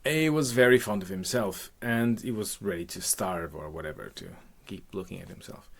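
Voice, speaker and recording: A man's voice: deep voice, normal speed, creaky, husky. A man improvising a rambling, profane comic retelling of a myth, with jokey asides. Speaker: comic storyteller.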